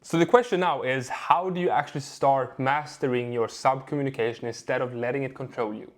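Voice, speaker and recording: A young adult man, a communication coach, giving a measured lesson to camera, stressing key words and pausing for effect. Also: medium pitch, steady tone. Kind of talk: instructional video talk to camera.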